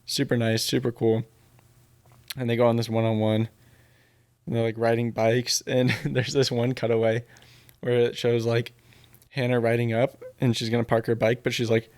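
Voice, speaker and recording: A man's voice: mid-range voice, flat delivery, moderate pace, a little mellow, no echo. A man hosting a podcast, casually retelling a dating show in a rambling, filler-heavy way. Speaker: podcast host.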